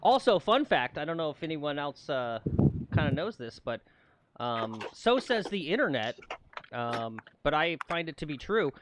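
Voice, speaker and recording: A man's voice: a little high, sing-song, normal speed, background noise. A man co-hosting a golf livestream outdoors on the course, chatting casually and laughing often.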